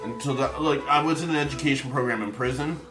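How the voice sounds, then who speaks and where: A man playing a tabletop game who talks in joking, quick bursts of casual banter. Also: medium pitch, over music, rough recording. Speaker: player.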